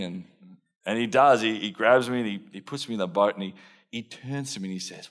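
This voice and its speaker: An Australian man preaching a dramatised sermon, playing an impulsive, blunt fisherman disciple who tells his story in first person with earnest warmth and self-mocking humour. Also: fairly low pitch, brisk. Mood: lively storytelling.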